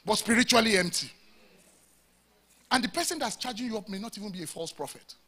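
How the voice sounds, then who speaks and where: A man's voice: extremely high pitch, pushed and bright, slightly rough. A Nigerian pastor preaching a sermon to his congregation, with emphatic, rhetorical questions. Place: church service before a congregation.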